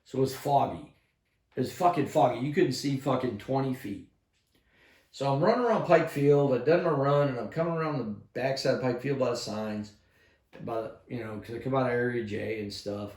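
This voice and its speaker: Profane older army veteran storyteller. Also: male voice, medium pitch, a little fast. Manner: profane, animated storyteller acting out shouts. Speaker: retired army sergeant major telling war stories. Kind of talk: casual storytelling with heavy swearing. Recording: echoey room.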